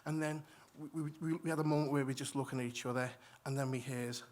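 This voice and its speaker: A man telling a story on stage to a live audience, animated, acting out voices and often restarting his sentences. He has moved to Australia from elsewhere. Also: medium pitch, quick pace, heavy background noise. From migrated to Australia. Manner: animated, acts out quoted voices, frequent restarts. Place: stage in a hall before an audience.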